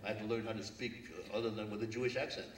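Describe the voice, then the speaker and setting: An older man from Brooklyn speaks earnestly from a stage, telling stories in a low voice. He sounds far from the mic, and the big hall echoes around him. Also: flat delivery, rapid-fire, noisy background. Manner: reflective, storytelling, earnest. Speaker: guest speaker. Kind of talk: public forum talk. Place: lecture hall.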